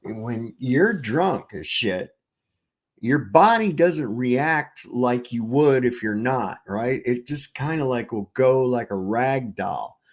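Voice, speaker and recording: A man's voice: mid-range voice, lively intonation, takes it slowly. A man hosting a livestream, talking casually and profanely over clips, often restarting and trailing off. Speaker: livestream host.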